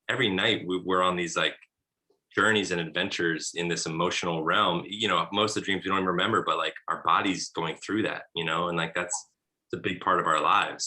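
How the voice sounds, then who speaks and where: A male film director in a casual Q&A, relaxed and full of "like" and "you know". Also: sits low, low-quality recording. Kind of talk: casual post-screening Q&A.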